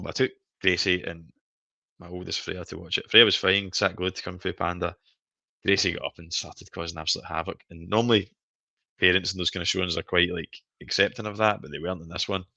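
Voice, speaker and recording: A man's voice: deep voice, fairly even intonation, fairly quick, gravelly, sharp tone, dry recording, lo-fi sound. A Scottish man in his thirties hosting a casual live stream chat, telling stories animatedly and laughing often. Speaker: stream host.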